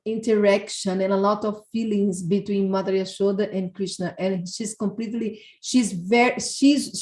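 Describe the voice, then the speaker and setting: A woman giving a devotional class talk, telling a story with laughs and halting restarts. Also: medium pitch, darkish tone. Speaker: devotional speaker. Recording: echoey room.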